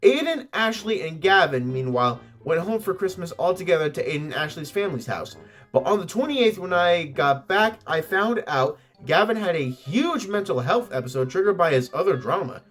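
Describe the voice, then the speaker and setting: High, lively man reading stories aloud. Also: normal speed, soft background music. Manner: excitable, breaks off reading to exclaim and swear. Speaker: host reading Reddit stories.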